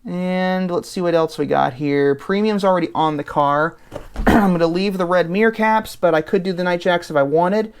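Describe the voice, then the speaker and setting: A man's voice: sits high, normal speed, clear, resonant tone. A man, the channel's host, casually thinking aloud as he talks through building a car online in an easygoing voice-over.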